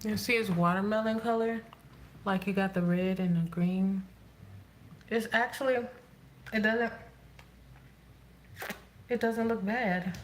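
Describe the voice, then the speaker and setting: A woman vlogger chatting casually to herself as she does her makeup, rambling and thinking out loud. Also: mid-range voice, steady tone, slow, pauses often, slight background noise. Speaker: beauty vlogger. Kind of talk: casual chat while doing makeup.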